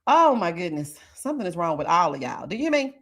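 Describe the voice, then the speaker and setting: A woman hosting a casual live stream, chatting with viewers and reading their comments, often breaking into laughter and drawn-out murmurs of agreement. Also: fairly low pitch, big pitch swings. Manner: chatty, talks straight to viewers.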